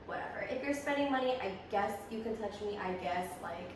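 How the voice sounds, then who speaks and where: Frank, halting young woman, echoey room. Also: mid-range voice, noisy background. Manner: frank, profane, halting with fillers. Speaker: podcast co-host. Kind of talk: casual chat. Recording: echoey room, mic far off.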